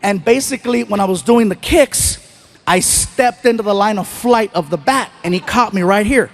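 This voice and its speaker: A middle-aged man telling a story on stage as a stand-up comedian, animated, acting out characters and laughing at his own jokes. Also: sits high, moderate pace. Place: stage in a theater. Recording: live show, faint crowd behind.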